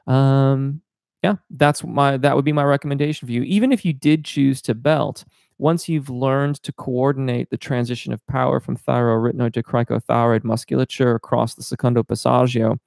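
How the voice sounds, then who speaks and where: A man's voice: mid-range voice, steady tone, normal speed, gravelly, a little mellow, no room sound, clean studio sound. A man teaching voice in a live-stream Q&A, answering chat questions in a technical, explanatory way with many filler words.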